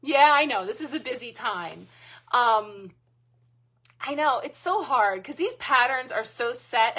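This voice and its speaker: A bright, fairly high-pitched woman hosts a live card-reading stream. She chats casually with her viewers and laughs often at her own asides. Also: lively intonation, a little slow, husky. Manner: chatty and laughing, self-mocking asides.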